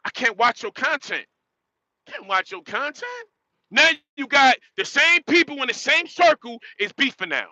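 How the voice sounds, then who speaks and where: A man's voice: very high-pitched, big pitch swings, normal speed, sharp tone, no echo. A man in his late forties from northern New Jersey, ranting emphatically in street slang while livestreaming from his truck cab. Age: 40s. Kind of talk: casual livestream rant.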